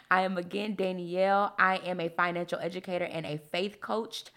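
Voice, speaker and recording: A young woman hosting a devotional podcast, chatty and animated with preacher-like emphasis and frequent laughs. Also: on the low side, moderate pace. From Texas. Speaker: podcast host and faith coach. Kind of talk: casual devotional podcast talk.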